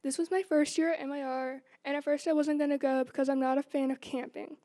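A woman's voice: high voice, level tone, fast talker, dark tone. A teenage girl earnestly reading a prepared testimony to her church. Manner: reads prepared remarks, earnest. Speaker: youth group member.

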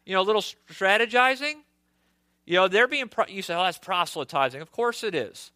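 A man's voice: high voice, expressive, a little fast, sharp tone, dry recording. A middle-aged male pastor preaching a sermon earnestly, often restarting and repeating his phrases.

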